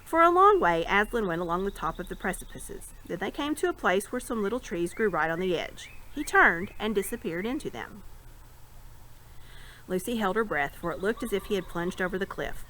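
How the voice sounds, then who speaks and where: A woman reads a novel aloud, her voice rising and falling in a lively way. A faint hiss stays under her voice throughout. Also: medium pitch, a little fast, rough recording. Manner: expressive storytelling. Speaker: reader.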